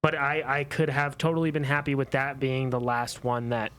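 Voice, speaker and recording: A man's voice: medium pitch, level tone, moderate pace, fairly bright tone, clear, resonant tone. A man co-hosting a casual podcast, talking with passion and pushing back on opposing views. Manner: passionate, argumentative. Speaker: podcast co-host. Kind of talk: casual chat.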